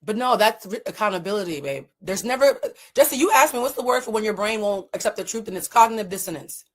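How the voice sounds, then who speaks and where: A woman life coach giving blunt, animated commentary in a casual chat. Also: mid-range voice, fast.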